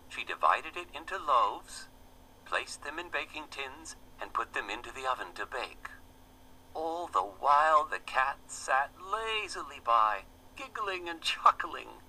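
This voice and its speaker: A man reading a children's fable aloud in a gentle, expressive storybook manner. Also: fairly high pitch, a little hiss or hum, rough recording.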